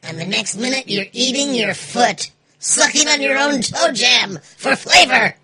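A man's voice: extremely high pitch, expressive, unhurried, crowd noise, pitched above the performer's own voice. A man voicing a tiny mischievous imp who gleefully eggs on overeating. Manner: gleeful, egging on, grows shouty. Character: tiny mischievous male imp urging gluttony.

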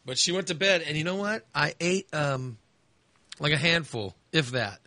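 A man's voice: a little high, animated, moderate pace, pushed and bright, dry recording. A man chatting casually as host, rambling with lots of fillers and restarts. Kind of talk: casual chat.

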